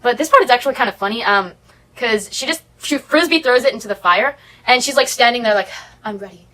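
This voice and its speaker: Fast-talking sarcastic woman vlogger. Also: on the high side, animated, sharp tone, poor audio. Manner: sarcastic, exasperated, rambling. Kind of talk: casual movie recap commentary.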